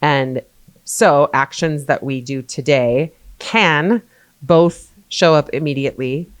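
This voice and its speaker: Woman, podcast co-host, very low voice, measured, dry close sound. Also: no room sound. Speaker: podcast co-host, real estate agent. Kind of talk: casual podcast chat.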